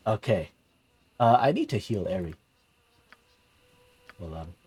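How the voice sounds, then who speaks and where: A man's voice: fairly low pitch, sing-song, slow pace, darkish tone, breathy edge. A young man streaming a game, rambling casually and laughing at his own forgetfulness. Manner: rambling, self-deprecating, laughs easily. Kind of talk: casual gameplay commentary.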